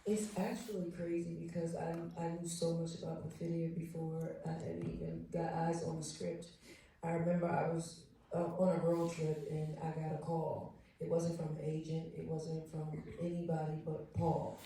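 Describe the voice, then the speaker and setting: A woman actor on a panel telling stories in a lively way and laughing often. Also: deep voice, moderate pace, slight background noise. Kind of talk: animated anecdote telling. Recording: echoey hall, mic far off.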